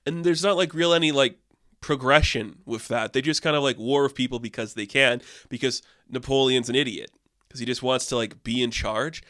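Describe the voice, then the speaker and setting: A man gives a loose, profane movie review stuffed with "like," his pitch leaping up whenever he's incredulous. He talks at a normal speed with a slightly bright tone, recorded in studio quality with no room sound.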